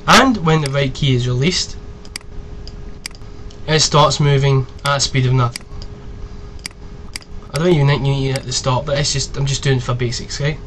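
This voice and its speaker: A man in his twenties giving a casual, rambling tutorial, chatty and quick to swear. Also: medium pitch, steady tone, fairly bright tone, a little hiss or hum. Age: 20s. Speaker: video tutorial host. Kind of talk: casual screen-recorded tutorial.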